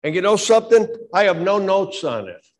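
A middle-aged male pastor preaching a sermon with fervor, dropping low and then shouting. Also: sing-song, brisk. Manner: fervent preaching that swings from quiet to shouting.

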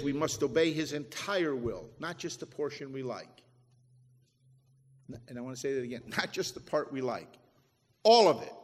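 A man preaching a sermon, swelling and dropping his voice for emphasis as he quotes scripture. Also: medium pitch. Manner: preaching with rising and falling emphasis, quoting scripture. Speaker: pastor. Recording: echoey hall with long reverb.

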